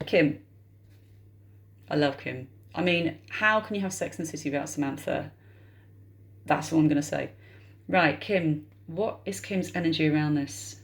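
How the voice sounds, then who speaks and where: A woman with a British accent doing a casual tarot reading, chatting to her viewers and thinking aloud. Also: sits low. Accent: British English. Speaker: tarot reader.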